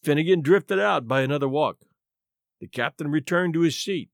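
A man narrating a classic short story aloud with an expressive, theatrical reading. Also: fairly high pitch, normal speed, gravelly, no echo, clean studio sound. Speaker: narrator and podcast host.

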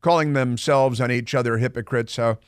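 A man's voice: medium pitch, fairly even intonation, normal speed, clean tone, dry recording, studio quality. Sarcastic male talk radio host. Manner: sarcastic, mocking asides. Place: radio studio. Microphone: studio microphone.

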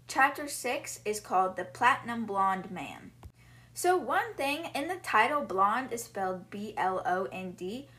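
A woman's voice: mid-range voice, lively intonation, a little slow, bright, forceful tone. A young woman hosting a podcast, retelling book chapters in a chatty, casual way full of "like" fillers. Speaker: podcast host.

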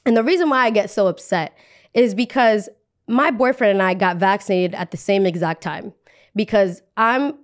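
A young woman hosting a podcast, telling a story in a casual, animated, chatty way. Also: medium pitch. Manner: animated, chatty, heavy use of "like". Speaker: podcast host.

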